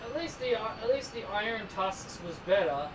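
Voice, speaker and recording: Speaking high and animated at a moderate pace, a man narrates his own gameplay for a let's play. He's exasperated, repeating himself as he begs and scolds the game, picked up by a distant mic with faint background noise.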